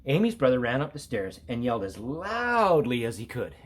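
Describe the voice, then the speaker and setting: Male teacher, playful read-aloud narrator, very lively pitch. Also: normal speed. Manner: expressive, playful, singsong. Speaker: elementary school teacher. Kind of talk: read-aloud storytelling for children.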